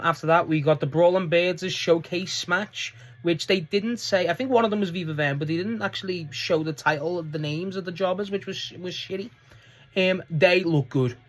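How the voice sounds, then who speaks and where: A man's voice: fairly high pitch, fairly bright tone. A man giving a casual, rambling solo review of a wrestling show, swearing and laughing as he goes.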